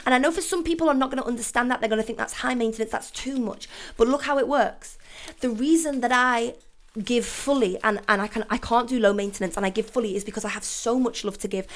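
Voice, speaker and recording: Woman hosting a solo podcast, chatty, sassy, slightly high voice. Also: fast talker. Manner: sassy, rambling, emphatic. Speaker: podcast host. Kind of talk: casual solo podcast chat.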